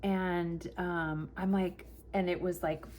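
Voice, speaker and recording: A middle-aged woman chatting casually at her home craft desk, telling an animated story and acting out what people said. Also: lowish voice, slow pace, a little hiss or hum. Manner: animated, acts out quotes with laughter. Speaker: planner vlogger. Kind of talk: chatty storytelling while decorating a planner.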